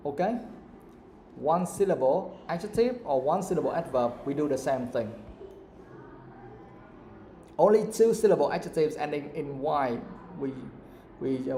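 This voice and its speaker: A man's voice: medium pitch, warm tone, echoey room, a little hiss or hum. A man teaching an English grammar lesson, often checking that students understand. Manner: checks understanding with repeated questions.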